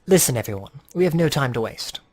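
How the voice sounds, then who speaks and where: A man voicing a calm, formal male strategist who explains things in a measured way. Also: medium pitch, breathy edge, soft background music.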